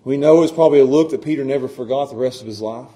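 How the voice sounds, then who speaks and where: Preaching very fast at a medium pitch, a middle-aged man swings from hushed tenderness to loud passion in his sermon. His restarts often come with a stammer.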